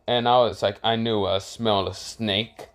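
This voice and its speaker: A man's voice: on the low side, fairly even intonation, normal speed. A man casually improvising a fan-fiction story aloud, rambling with fillers and restarts and swearing freely.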